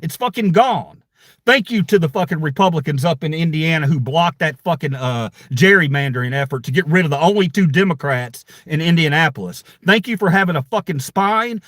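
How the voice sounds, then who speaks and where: A man's voice: fairly high pitch, lively intonation, fairly quick, fairly bright tone, no echo, studio quality. A man hosting his own channel, ranting angrily at online critics in a heated, profane, confrontational way. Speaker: channel host. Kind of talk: angry livestream rant.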